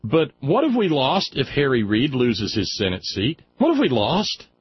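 A man hosting a call-in radio show, chatty and quick to laugh, often restarting his sentences. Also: medium pitch, husky, no echo. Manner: chatty and animated, laughs easily, restarts a lot. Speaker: radio talk show host. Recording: slightly dull radio audio with faint noise.

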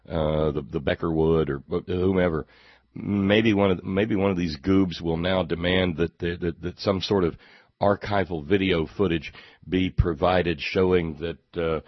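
A man's voice: sits low, steady tone, unhurried, no room sound, dull audio. A man hosting a talk show, giving a sarcastic, rambling political monologue and repeating words as he goes.

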